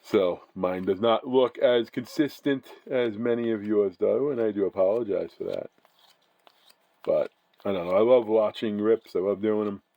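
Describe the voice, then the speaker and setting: A man with a fairly low voice, recorded with lo-fi sound and no echo, hosts a card-breaking channel. He chats casually as he opens trading card packs, rambling and often correcting himself.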